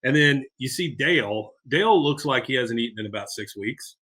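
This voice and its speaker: Bright-voiced man recapping a cartoon episode. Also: medium pitch, normal speed, husky. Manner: animated, acts out quotes. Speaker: podcast co-host.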